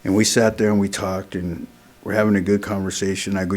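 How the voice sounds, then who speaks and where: This is a middle-aged man with a fairly low voice. He shares his story at a meeting in a loose, earnest, conversational way, peppering his sentences with "man" and "you know". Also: little pitch movement, brisk, a little mellow. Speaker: AA meeting speaker. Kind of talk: sharing a recovery story at a meeting.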